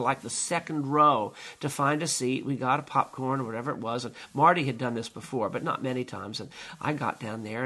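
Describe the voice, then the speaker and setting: Husky older man telling a childhood story. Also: medium pitch, fairly bright tone. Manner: reminiscent, vivid, acts out scenes. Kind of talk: personal storytelling.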